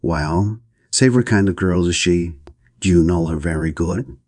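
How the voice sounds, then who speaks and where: A man's voice: deep voice, a little slow, darkish tone, no room sound, clean studio sound. A man voicing a placid, prim young woman in an audiobook reading, speaking in an unbothered drawl.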